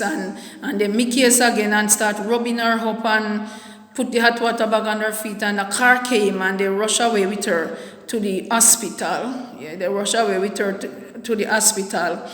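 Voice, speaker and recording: A woman telling a personal story in a halting, soft-spoken way, often repeating her words. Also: medium pitch. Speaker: vlogger. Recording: echoey room with long reverb.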